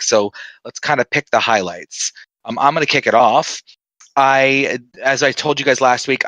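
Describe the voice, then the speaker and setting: A bright-voiced man hosting a casual gaming podcast over a dry, close microphone. He rambles loosely, filling pauses with ums and teasing his guests. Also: medium pitch, no room sound. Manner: relaxed, lots of ums and filler, teasing. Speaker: podcast host.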